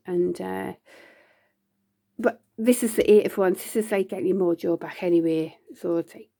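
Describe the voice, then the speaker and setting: A woman's voice: on the low side, steady tone, moderate pace, vocal fry, mellow. A woman giving a casual, rambling tarot reading, full of fillers and restarts. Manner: laughs often between lines. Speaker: tarot reader.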